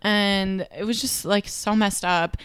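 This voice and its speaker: A woman's voice: mid-range voice, fairly even intonation, a little slow, fairly bright tone, smooth, no room sound. A young woman in casual chat, candidly telling a personal story, swearing freely and saying "like" a lot.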